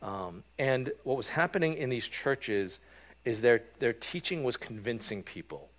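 A man preaching a sermon in a relaxed, conversational way, often checking in with his listeners with "right?" and filling pauses with "um". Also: mid-range voice. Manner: conversational, frequent "right?" and "um" fillers. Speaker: pastor.

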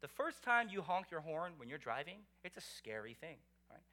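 A pastor with a lively, high voice delivers a sermon at a moderate pace. His preaching is animated and conversational, full of rhetorical questions.

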